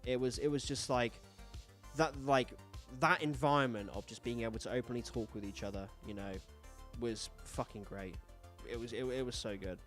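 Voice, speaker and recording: A man's voice: mid-range voice, normal speed, a bit bright, soft background music. A man talking casually and frankly as host, swearing often and rambling through stories with lots of fillers. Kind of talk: casual solo chat, rambling storytelling.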